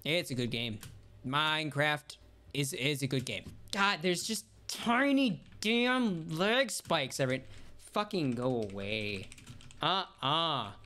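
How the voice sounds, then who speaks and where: A woman streamer giving casual commentary over her gameplay, talking to herself and swearing and yelling when she gets frustrated. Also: deep voice, expressive, slow pace. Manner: talks to herself while playing. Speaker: gaming streamer.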